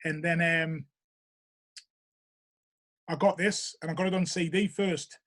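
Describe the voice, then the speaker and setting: In no hurry, this middle-aged Geordie from Newcastle, England, a regular guest, wanders through lively anecdotes during an interview. His voice is on the high side, and "you know what I mean?" comes up again and again.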